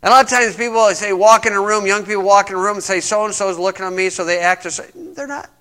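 Male preacher, conversational sermon, high-pitched, bright tone, slow scripture reading. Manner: conversational, emphatic, reads scripture aloud slowly.

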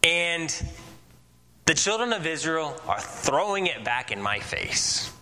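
A man's voice: fairly high pitch, sing-song, takes it slowly, bright, forceful tone, a little hiss or hum, full character voice. A man voicing a weary, despairing male prophet who pleads and sounds exhausted.

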